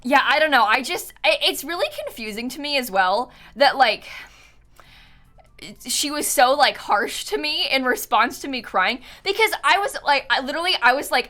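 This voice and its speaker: A young woman game streamer talks live in a high-pitched, bright, forceful, expressive voice at a moderate pace. She rambles casually with many fillers and nervous laughs, sounding shaken and close to tears, while faint music plays behind her.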